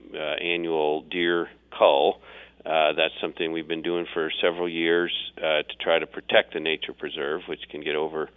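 Low-voiced man on a phone line. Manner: rambling, meandering with restarts. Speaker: city official. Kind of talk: radio interview.

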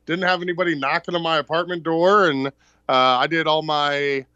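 A man co-hosting a radio show, chatting in an easygoing, relaxed way. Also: a little high, normal speed, no room sound, muffled recording. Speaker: radio co-host. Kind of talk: casual radio chat.

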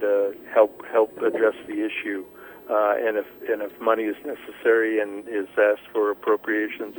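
Brief: male city councilman guest, low, halting and measured, radio audio. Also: slight background noise, rough recording. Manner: measured, hesitant, repeats words. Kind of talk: radio interview.

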